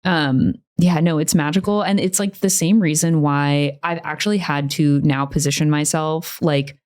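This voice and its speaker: A woman's voice: low-pitched, steady tone, normal speed, a little mellow. A woman co-hosting a podcast in casual chat, rambling and wry, with many fillers. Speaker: podcast co-host.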